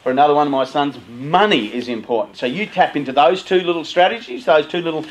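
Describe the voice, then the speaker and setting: A middle-aged man giving an animated motivational talk to parents as a youth worker, acting out the voices of parents and teens. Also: fairly high pitch, quick pace, a little hiss or hum, low-quality recording.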